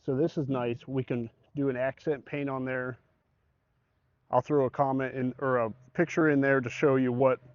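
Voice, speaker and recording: A mid-range male voice, free of echo, belongs to a salesman presenting truck beds. He gives a casual walkthrough and keeps the spec explanations simple. The recording is dry and a little dull.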